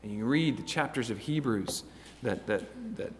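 A man preaching a sermon, earnest, with stammering restarts and swings between loud and hushed passages. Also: medium pitch, expressive, moderate pace, long reverb tail, a little hiss or hum.

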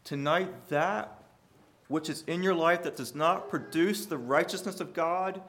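A male pastor delivers an earnest sermon, his voice sitting a little higher than most men's. He drives points home by repeating phrases, rising to forceful emphasis and then dropping almost to a murmur. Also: a little slow, a little hiss or hum. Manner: earnest preaching with sudden rises and quiet drops.

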